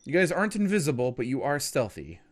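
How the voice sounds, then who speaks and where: A man narrating a tabletop game as game master, relaxed with fillers and quick asides. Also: medium pitch.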